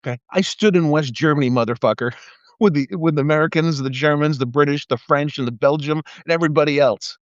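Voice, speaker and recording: This middle-aged former police officer talks fast in a high-leaning voice, delivering a profane, sarcastic political rant on a live video and mimicking people in mocking tones. A phone or webcam records it with a dull, dry sound and no echo.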